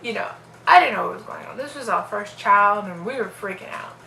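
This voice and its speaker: A woman's voice: mid-range voice, fairly quick, creaky, roomy sound, slight background noise, poor audio. A young woman casually telling a personal story on her vlog, acting out what people said. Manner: animated, acts out quoted voices.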